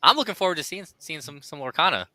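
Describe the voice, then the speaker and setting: A man from Florida casting a card game stream, chatting in a relaxed way. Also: on the high side, fast. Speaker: stream caster. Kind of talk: casual chat.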